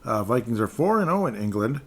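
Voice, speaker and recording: A man's voice: mid-range voice, sing-song, brisk, slight background noise. A man hosting a podcast in casual solo sports talk, rambling as he reads scores off a screen, with dry sarcastic asides. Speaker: podcast host. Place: indoors at a desk in front of a screen.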